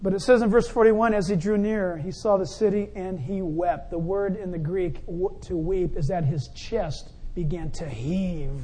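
Guy preaching w a really high voice, gets loud then drops quiet, acts out the crowd. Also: moderate pace, few pauses, slightly rough. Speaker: pastor. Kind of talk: sermon.

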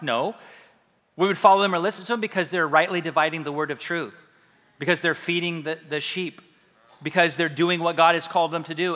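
A man's voice: fairly high pitch, bright, forceful tone. A male pastor preaching a sermon in a conversational, self-deprecating, humorous way, recorded in a church hall. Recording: reverberant hall sound.

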